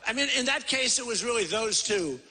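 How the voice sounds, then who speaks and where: A man's voice: very high voice, expressive, a little fast, sharp tone, breathy edge. A man in his sixties giving a rambling, boastful, repetitive campaign rally speech into a podium microphone in a large convention hall. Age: 60s. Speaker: presidential candidate. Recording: reverberant hall PA sound.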